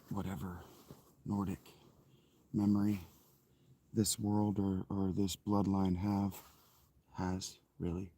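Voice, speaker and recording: A man's voice: fairly low pitch, warm tone, husky. A man in his thirties, an author, chatting in a rambling, reflective way with frequent self-corrections. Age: 30s. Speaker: author reading his own novel. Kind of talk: casual spoken chat.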